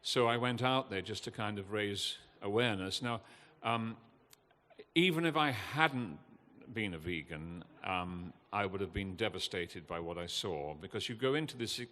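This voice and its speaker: A man's voice: on the low side, lively intonation, a bit bright. Earnest older man in a reverberant hall. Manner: impassioned, earnest, halting with many fillers. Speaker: guest speaker at a festival. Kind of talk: emotional public talk.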